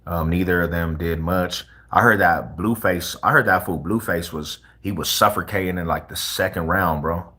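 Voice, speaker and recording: A man's voice: sits low, normal speed, hardly any pauses, bright, forceful tone, breathy edge. A young man from Colorado chatting casually with viewers on a livestream, laid-back and full of street slang. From Colorado, USA.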